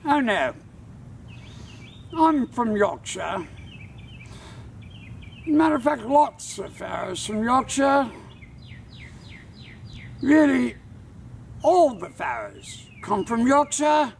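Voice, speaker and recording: A man voicing a stern, formal elderly British gentleman while telling a story. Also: very high-pitched, big pitch swings, very slow, vocal fry, long pauses, far from the mic, slight background noise, voice pushed up, exaggerated voice.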